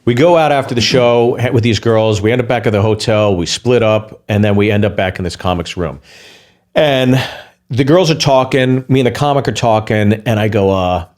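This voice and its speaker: A man's voice: on the low side, normal speed, darkish tone. A man who is a comedian, telling a heated, profane anecdote in a casual podcast chat.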